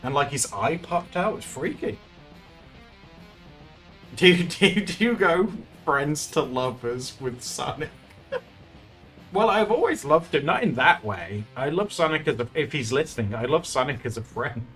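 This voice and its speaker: A man's voice: on the high side, animated, a little slow, fairly bright tone, faint music behind. A man chatting casually while streaming his art, rambling and laughing often. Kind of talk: casual live-stream chat.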